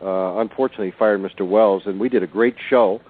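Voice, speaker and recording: A man's voice: lowish voice, steady tone, fast talker. A man in his sixties, a guest on a radio show, telling stories in an earnest, emphatic way over the phone. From Southern California. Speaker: author and researcher guest. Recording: tinny phone line.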